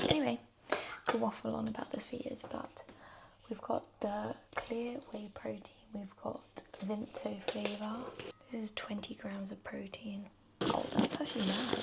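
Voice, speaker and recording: Upbeat woman vlogger, mid-pitched, deep vocal fry, casual and chatty. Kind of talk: casual vlog chat. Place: her bedroom.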